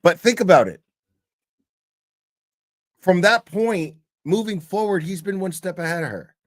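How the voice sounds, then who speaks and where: A man talks slowly and loosely, reacting to a court video and swearing freely. His voice sits a bit high for a man, and the sound is dry and close with no room around it. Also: expressive, dry recording. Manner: blunt, swears a lot, rambling with many fillers. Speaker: commentary host. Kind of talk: casual profane reaction commentary.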